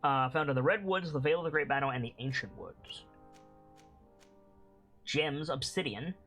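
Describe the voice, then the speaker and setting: Chatty game streamer, mid pitch. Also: normal speed, a bit bright, soft background music, poor audio. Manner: chatty, reads game text aloud. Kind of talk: casual game commentary.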